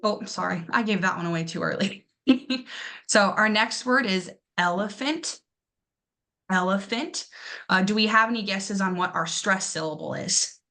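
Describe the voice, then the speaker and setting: A woman's voice: medium pitch, moderate pace, bright, forceful tone. A young woman teaching a classroom pronunciation lesson, encouraging her students and exaggerating syllables to demonstrate them.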